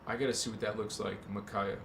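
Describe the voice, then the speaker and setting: This man speaks fast in a lowish, flat voice with vocal fry, recorded in an echoey room with background noise. He's running a spiritual livestream, thinking out loud in rambling chat, joking and cursing as he works out how to say a word.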